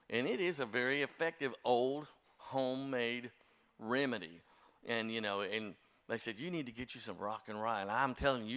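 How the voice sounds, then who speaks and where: A man's voice: medium pitch, fairly bright tone, smooth. An older man, a church music director telling folksy, self-deprecating stories to his congregation. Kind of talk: storytelling talk to a congregation.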